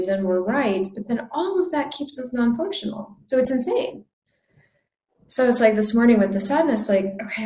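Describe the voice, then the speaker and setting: A woman's voice: a little high, mellow, echoey room, a little hiss or hum. A woman in casual conversation, speaking earnestly and reflectively, often acting out quoted dialogue.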